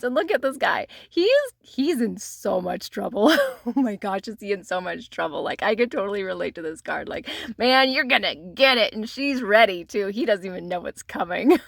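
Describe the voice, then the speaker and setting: A woman's voice: fairly high pitch, gravelly, fairly bright tone, dry recording, clean studio sound. A woman chatting casually on her vlog as she shows tarot cards, giggling often and filling her talk with "like". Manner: giggly, laughs often while talking; chatty, many "like" fillers. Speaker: tarot vlogger. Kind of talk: casual show-and-tell chat.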